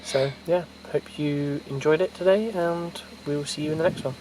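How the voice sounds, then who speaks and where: A man chatting casually into a handheld camera for a vlog, relaxed and recommending a park. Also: a little high, moderate pace, slight background noise, rough recording. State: a little out of breath. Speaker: vlogger. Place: hilly park path, then a parked car.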